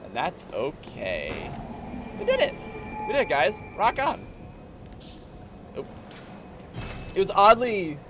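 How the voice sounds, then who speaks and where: A man's voice: a little high, background noise. Male streamer, casual gameplay commentary, voice swings up and down with the action. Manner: chatty, talks to viewers while playing, jumps between hype and mumbling. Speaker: game streamer. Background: game music.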